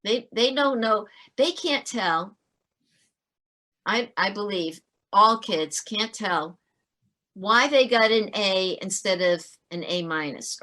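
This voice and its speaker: Middle-aged woman guest, ex-teacher, earnest storyteller, mid-range voice. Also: medium pitch. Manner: earnest, animated storyteller with many restarts. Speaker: podcast guest, author and former teacher. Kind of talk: storytelling in a podcast interview.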